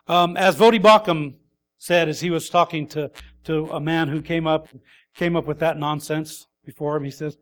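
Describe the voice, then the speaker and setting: A man with a high-pitched voice delivers a sermon as a pastor. He speaks earnestly and deliberately, pausing and restarting phrases as he works through his points. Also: steady tone, a bit bright.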